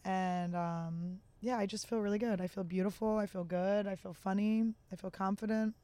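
Woman guest, candid storyteller, emotional and open, smooth tone, dry close sound. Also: medium pitch, fairly even intonation, moderate pace, dark tone, no room sound. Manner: emotional and open, with many fillers.

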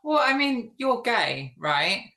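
Woman from Nottinghamshire joining over a video call, with a bright, forceful tone. She chats and teases freely, and her voice rings in an echoey room. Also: on the high side, very animated, takes it slowly, vocal fry. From England, Nottinghamshire. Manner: chatty and teasing. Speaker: guest author. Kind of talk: casual interview chat.

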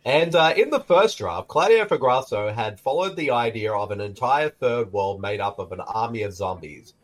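A man's voice: medium pitch, lively intonation, moderate pace. A man casually riffing on an old film with friends, sharing trivia and joking. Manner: jokey, shares trivia, laughs often. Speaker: film commentary co-host.

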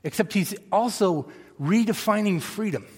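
A man's voice: sits high, lively intonation, normal speed, slightly rough. A man, a pastor, preaching a conversational sermon and asking his congregation questions. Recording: long reverb of a large hall.

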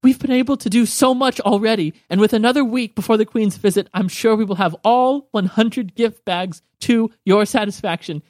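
A man plays a grateful, gushing woman organizer in a tabletop game. He lifts his voice a little and keeps it warm, and the room sounds dry. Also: high voice, normal speed, hardly any pauses, no echo, voice pushed up, lightly acted.

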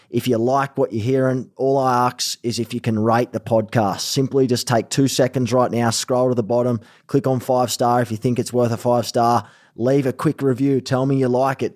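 A young man with an Australian accent hosting a casual podcast interview, energetic and chatty with plenty of slang. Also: mid-range voice, normal speed. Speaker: podcast host. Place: Los Angeles.

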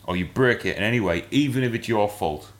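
A man, telling a long rambling story in casual podcast chat and getting animated as he goes. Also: lowish voice, fairly quick.

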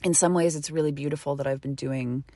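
A middle-aged woman talks into her podcast microphone in a low, earnest voice. She speaks from the heart and sometimes drops to a near whisper. The sound is close and dry. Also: fairly even intonation, no echo. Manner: earnest and heartfelt, slowing to a soft whisper at tender moments. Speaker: podcast host. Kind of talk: intimate solo podcast monologue. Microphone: studio microphone.

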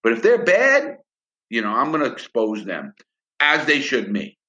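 A man's voice: medium pitch, huge pitch swings, normal speed, bright, forceful tone, highs cut off. A middle-aged man, a former prisoner, telling a heated story of his time inside in blunt, profane words. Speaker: interview guest, former prisoner. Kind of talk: emotional storytelling interview.

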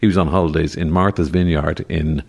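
A man's voice: rumbling low, fairly even intonation, fairly quick, vocal fry. An older man, a radio presenter, telling chatty anecdotes as a podcast guest. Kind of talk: conversational podcast interview.

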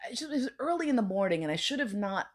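A woman's voice: on the high side, very fast. A woman telling a bawdy story in casual chat, acting out the other people's lines and swearing freely. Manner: animated, acts out voices in quotes, swears freely. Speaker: podcast guest.

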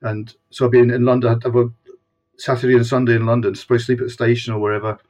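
A man's voice: medium pitch, flat delivery, very fast, darkish tone, faint music behind. Scottish man, 60s, rambling casual guest on video call. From Scotland. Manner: rambling, with frequent restarts. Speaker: guest, former punk fanzine editor. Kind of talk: casual conversational interview.

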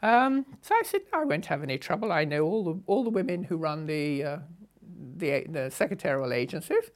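An older woman telling her life story in an unscripted, assertive and brisk way. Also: low-pitched. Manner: brisk, assertive, animated retelling with laughs. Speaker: storyteller recalling her past. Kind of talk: unscripted spoken memoir.

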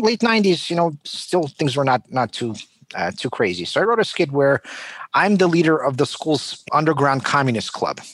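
A man's voice: mid-range voice, no echo. A man in his forties who grew up in Russia, talking as a guest in a casual interview, reflective and humorous with frequent restarts.

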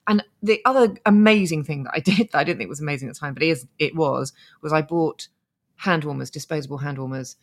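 A woman's voice: sits low, fast. A woman co-hosting a podcast, chatting casually with restarts and laughs as she recounts her marathon morning. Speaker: podcast co-host, marathon runner. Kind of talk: casual chat.

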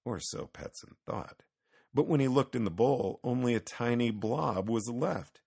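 A man narrating a children's storybook reading in a gentle, unhurried way. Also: mid-range voice, animated, vocal fry, husky.

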